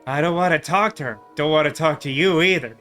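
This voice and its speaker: A man's voice: on the high side, a little fast, sharp tone, faint music behind. A man doing a surly, sarcastic desert motel manager. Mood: grumpy. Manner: gruff, sarcastic, slangy. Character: rude grumpy male desert motel manager. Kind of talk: let's play voicing of game text.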